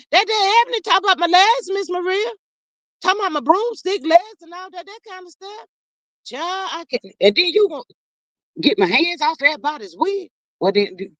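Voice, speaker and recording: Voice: very high-pitched, a bit bright, dry recording, exaggerated voice, low-quality recording. A performer playing a sassy gossiping woman persona, reading viewer comments on a livestream and calling everyone honey and child. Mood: indignant. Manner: dramatic, playfully threatening. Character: sassy gossiping woman persona, Miss Marlene, quick to clap back. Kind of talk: live chat.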